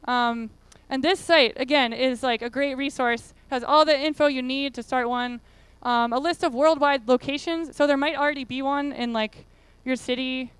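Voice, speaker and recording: A high-pitched woman gives a relaxed talk to a conference crowd. She rambles in a friendly way, stacking fillers as she goes. Her voice comes through crisp and clean with almost no room sound. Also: moderate pace, dry recording. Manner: chatty, many fillers and "like"s. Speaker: conference speaker.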